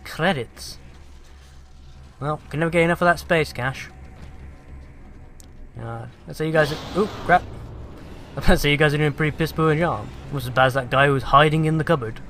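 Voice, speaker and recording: A man's voice: a little high, moderate pace, long pauses, fairly bright tone, faint music behind. A British man giving sarcastic, profane let's play commentary and taunting the enemies on screen.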